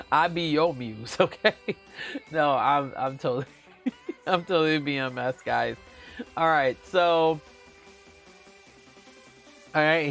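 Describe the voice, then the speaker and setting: His voice fairly high and fairly bright, this book vlogger talks casually to live stream viewers. Giggling and gushing, he throws in playful exclamations and often calls out to them as "guys."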